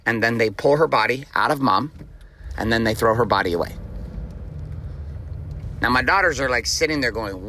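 A man's voice: medium pitch, lively intonation, a little fast, pushed and bright, slight background noise. A man in his forties hosting a motivational podcast, talking bluntly and emphatically, with frequent profanity. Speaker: podcast host.

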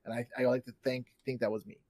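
A man's voice: medium pitch, little pitch movement, fast talker, darkish tone, dry recording, clean studio sound. A man in his thirties, a podcast co-host, chatting casually and animatedly, acting out quotes and laughing often. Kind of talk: casual chat.

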